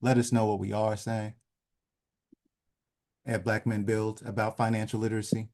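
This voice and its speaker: A man giving a measured lecture over slides in an online session, trailing off softly at the ends of phrases. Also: on the low side, level tone. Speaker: presenter leading an online session. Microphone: video call.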